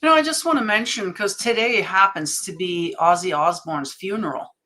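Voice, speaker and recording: A woman guest on a video-call panel talks in a loose, chatty way, full of fillers. Her voice is bright and sharp. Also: mid-range voice, moderate pace. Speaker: podcast host guest. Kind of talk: casual panel chat.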